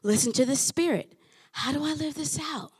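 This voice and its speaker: A woman pastor preaching a sermon in an animated way, acting out the voices of her listeners. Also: high voice, normal speed, no echo, clean studio sound. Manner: animated, acts out listeners' voices with rising exclamations.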